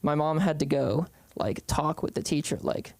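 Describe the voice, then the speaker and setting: A man's voice: fairly high pitch, animated, normal speed, gravelly, no room sound. A young man from the Bay Area doing open-mic stand-up, rambling with lots of ums and hesitations. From San Francisco Bay Area. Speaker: stand-up comedian.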